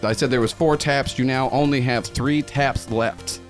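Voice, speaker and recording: A man's voice: mid-range voice, steady tone, moderate pace, over music. A man narrating as game master of a tabletop game, rambling with lots of fillers and laughing.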